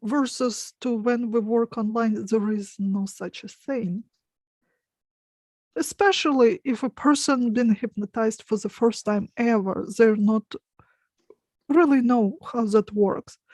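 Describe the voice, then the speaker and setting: A woman with a Russian accent speaks slowly and carefully in a rather high voice. She is a hypnotist in a friendly panel chat, earnest and quick to laugh. The sound is dry and close, with no room around it. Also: a little mellow, no room sound.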